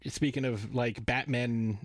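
A man's voice: mid-range voice, steady tone, a little slow, no echo. A man co-hosting a podcast, ranting casually and sarcastically and swearing freely. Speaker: podcast co-host. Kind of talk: casual chat.

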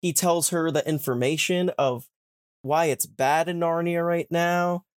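A young man hosting a podcast, casually retelling a story and slipping into quick character voices. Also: a little high, steady tone, smooth, no room sound, clean studio sound. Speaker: podcast host.

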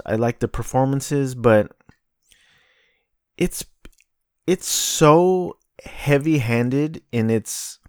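A man's voice: medium pitch, no room sound, studio quality. A man hosting his own podcast, talking alone in a casual, rambling way, profane and sardonic. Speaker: podcast host. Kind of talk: casual solo monologue.

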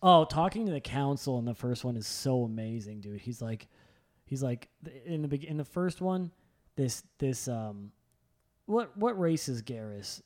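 Excitable young man rambling casually. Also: mid-range voice, moderate pace. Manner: rambling, excitable, swears freely, lots of "like" fillers. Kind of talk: casual chat.

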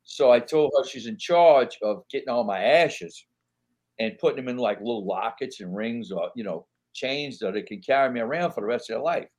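Ein älterer Mann, der als Gast locker und lebhaft Anekdoten erzählt und dabei oft flucht. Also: male voice, mid-range voice, moderate pace. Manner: animated anecdotes, frequent swearing. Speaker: guest actor. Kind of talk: casual storytelling chat.

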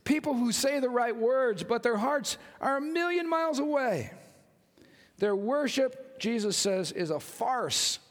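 Brief: high-pitched male pastor, animated sermon, long church reverb. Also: a little slow. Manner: animated, joking, calls out to congregation.

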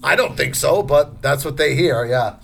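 A man's voice: fairly high pitch, normal speed, gravelly, a bit bright, breathy edge. A middle-aged man with a thick Massachusetts accent, hosting a podcast in a playful, joking way. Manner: jokey, playful, laughs often. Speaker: podcast host. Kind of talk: casual chat.

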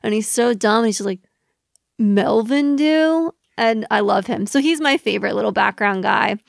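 A woman's voice: mid-range voice, brisk, creaky, no echo, studio quality. A woman co-hosting a podcast in casual chat, talking freely with lots of little fillers. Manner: chatty, many fillers, laughs along. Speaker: podcast co-host.

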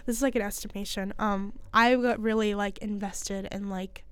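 A woman's voice: medium pitch, fairly even intonation, normal speed, fairly bright tone, clear, resonant tone, no echo. A young American woman co-hosting a podcast in casual chat, giggly and full of fillers, her nose stuffed up from a cold. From United States. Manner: chatty, giggly, with many fillers. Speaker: podcast co-host.

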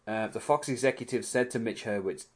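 A man's voice: medium pitch, a little fast. A man co-hosting a podcast, chatting casually through an episode recap, rambling with lots of fillers and restarts. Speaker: podcast co-host.

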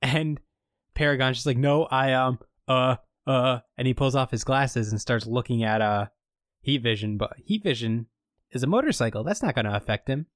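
A man's voice: mid-range voice, animated, a little fast, dry recording. Man, casual podcast recap, rambling, lots of fillers, dry close sound. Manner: rambling storytelling with many fillers. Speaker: podcast co-host recapping a show.

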